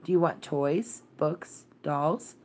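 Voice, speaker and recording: Woman reading as a fretful, weary gentleman. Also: low-pitched, fairly even intonation, slow pace. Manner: worried, absent-minded and weary. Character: melancholy, fretful gentleman guardian.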